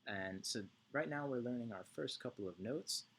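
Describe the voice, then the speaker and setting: A man's voice: medium pitch, animated, normal speed, fairly bright tone, slight background noise. A male music teacher giving an online lesson to young children, chanting rhythm syllables and checking in often with "right?".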